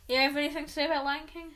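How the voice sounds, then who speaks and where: A woman's voice: high-pitched, a bit bright. A woman hosting a casual vlog, chatting in a giggly, rambling, playful way. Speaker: vlog host. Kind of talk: casual chat.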